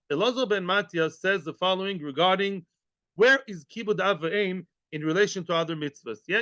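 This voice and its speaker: A man's voice: high-pitched, pushed and bright, no room sound. A man teaches a daily Talmud class, mixing in Hebrew and terms and asking his listeners questions. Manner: explains in English mixed with Hebrew and Yiddish terms, asks the class questions. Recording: dry, dull lo-fi audio.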